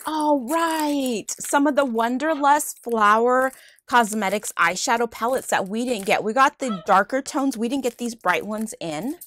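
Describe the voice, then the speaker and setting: A woman chatting casually in an unboxing vlog, gushing and excitable as she thanks a friend for each gift. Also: on the high side, measured pace, slight background noise. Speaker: vlogger unboxing friend mail. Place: at home with her dogs.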